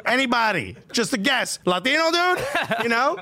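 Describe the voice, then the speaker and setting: A man's voice: very high-pitched, moderate pace. A man from Newark, co-hosting a podcast, telling a funny story with lots of laughter and acted-out quotes. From Newark, United States. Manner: animated, laughing, acts out every voice in his story. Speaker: podcast co-host. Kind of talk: casual comedic storytelling.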